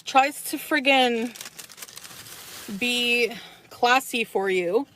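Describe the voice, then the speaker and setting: A woman gossips in a mocking, irritated tone. She speaks slowly with a somewhat high voice, and faint crinkling noise sits behind her. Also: sharp tone.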